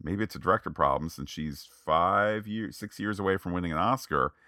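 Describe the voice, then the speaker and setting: Low-voiced guy on a movie podcast, bright close dry sound, acts out lines. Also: brisk, dry recording. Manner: animated, acts out quoted lines. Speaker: podcast co-host. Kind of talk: casual movie review chat.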